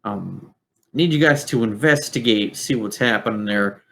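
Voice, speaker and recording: A chatty male robot officer rambles through a mission briefing, as a man voices him. He speaks in a lowish voice with halting starts and many ums. His tone stays easygoing and loose. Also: vocal fry, a bit bright, a little hiss or hum.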